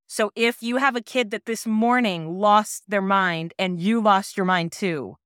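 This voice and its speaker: A woman's voice: mid-range voice, unhurried, fairly bright tone, smooth, no room sound, studio quality. A woman podcast host telling a personal parenting story in an earnest, reassuring way.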